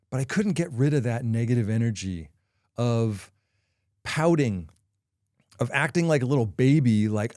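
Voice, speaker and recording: A middle-aged man hosting a podcast, talking through a personal confession in a candid, halting way with frequent pauses. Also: mid-range voice, expressive, warm tone, dry recording, clean studio sound. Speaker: podcast host.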